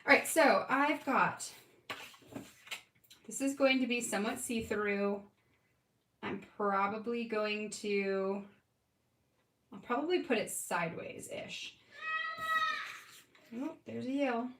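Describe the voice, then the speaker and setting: A woman's voice: a little high, slow, long pauses, a bit bright. A woman in her thirties hosting a live scrapbooking stream, chatting casually and giggling as she talks to viewers by name. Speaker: scrapbooking livestream host. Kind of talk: casual live crafting chat. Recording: roomy, from a distance.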